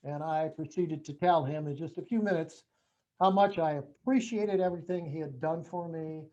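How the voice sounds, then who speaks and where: Older man with a mellow voice, telling a story. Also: a little high, normal speed. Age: 70s. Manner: folksy storytelling that acts out remembered dialogue. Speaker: veteran speaker. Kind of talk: personal story told to an audience. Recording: dull lo-fi recording.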